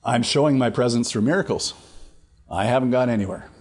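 Man, Bible study teacher, husky voice, middle pitch, casual with fillers, emphatic scripture reading. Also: brisk, darkish tone. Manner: conversational, with frequent fillers and restarts; reads scripture aloud with rising emphasis.

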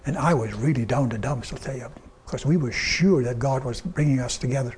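An older man preaching a sermon, telling personal stories earnestly and quoting others in a softer, lower tone. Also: fairly quick, slight background noise. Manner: earnest storytelling, quoting God and people in softer lower tones.

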